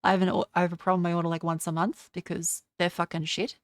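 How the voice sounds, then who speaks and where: A woman's voice: on the low side, little pitch movement, fast talker, no room sound. Young woman streamer ranting, swears a ton, does mocking voices, dry close sound. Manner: profane, ranting; mocks others in put-on voices. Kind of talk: casual livestream chat.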